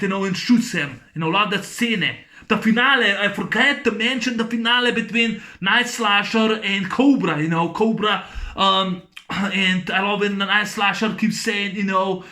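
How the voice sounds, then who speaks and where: Guy rambling about a movie he loves, high bright voice, lots of restarts and "you know"s. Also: unhurried. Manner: rambling, excited, many restarts and fillers. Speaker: YouTube film reviewer. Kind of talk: casual movie discussion.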